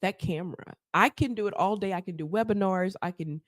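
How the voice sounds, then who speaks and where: A woman, a therapist, telling her story as a podcast guest, animated and laughing often as she acts out quotes. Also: medium pitch, brisk, no room sound, studio quality. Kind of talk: casual storytelling interview.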